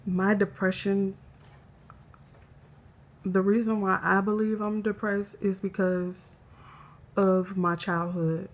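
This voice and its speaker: Slow, flat-voiced woman vlogging confessionally. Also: mid-range voice, dull audio. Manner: hesitant, halting, soft-spoken. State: emotional, close to tears. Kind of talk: confessional personal vlog.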